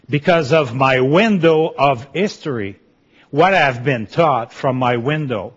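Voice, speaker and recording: A middle-aged man from Quebec with a Quebecois French accent, giving a personal Christian testimony in an earnest, halting way with many restarts. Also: a little high, lively intonation, husky. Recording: dull lo-fi sound.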